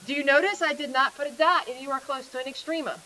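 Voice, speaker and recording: Bright, high-voiced woman math teacher. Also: fast, a little hiss or hum, poor audio. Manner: asks questions and answers them herself; casual, chatty explaining. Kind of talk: classroom math lecture.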